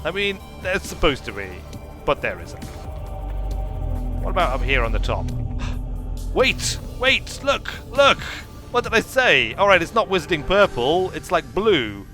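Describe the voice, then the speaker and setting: A man's voice: on the high side, sing-song, unhurried, pauses often. A man streaming a video game, giving playful, whimsical commentary and chatting to the creatures he meets. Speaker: gaming streamer. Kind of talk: playful let's play commentary. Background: faint game music.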